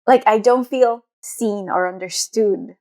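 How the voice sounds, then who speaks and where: A woman's voice: medium pitch, slow pace, a little mellow. A young woman co-hosting a podcast, talking in a rambling, hesitant way with lots of fillers. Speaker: podcast co-host. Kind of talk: casual chat.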